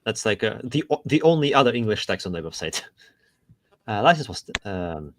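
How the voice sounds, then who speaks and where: A man's voice: on the low side, very animated, normal speed, a bit bright, a little hiss or hum. A man co-hosting a casual podcast chat, reading text aloud with dry asides and frequent laughs. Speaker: podcast co-host.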